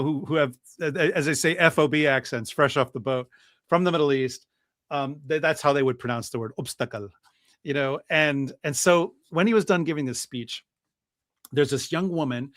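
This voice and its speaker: Animated man telling church history. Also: on the high side, dry recording, clean studio sound. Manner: animated storyteller, lots of fillers and restarts. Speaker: guest priest. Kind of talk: storytelling history talk.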